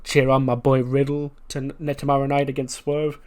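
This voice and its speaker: A man's voice: mid-range voice, monotone, normal speed, a little mellow, lightly acted. A man doing an impression of a laid-back male rapper, drawling with slang.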